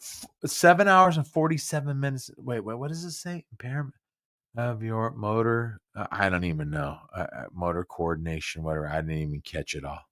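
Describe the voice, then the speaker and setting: A man's voice: sits low, fairly quick, a bit bright. A drunk man hosting a podcast, slurring his speech, rambling and stumbling over repeated words. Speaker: podcast host. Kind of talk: casual live podcast talk.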